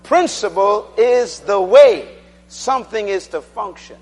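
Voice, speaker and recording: A man preaching a sermon, drilling the congregation to repeat phrases and swinging between loud declarations and quiet asides. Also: sits high, lively intonation, unhurried.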